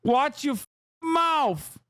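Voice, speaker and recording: A man putting on a brash New Jersey Italian tough-guy voice, shouting and combative in a mocking way. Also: very high-pitched, lively intonation, slow pace, dry recording, voice pushed up, exaggerated voice. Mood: mock outrage. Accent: put-on New Jersey Italian.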